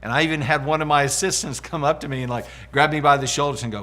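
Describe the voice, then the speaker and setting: A man's voice: mid-range voice, racing, hardly any pauses. A middle-aged man giving a motivational leadership lesson, telling stories and acting out what people said. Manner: animated storyteller acting out quotes. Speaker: leadership coach. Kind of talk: motivational teaching talk.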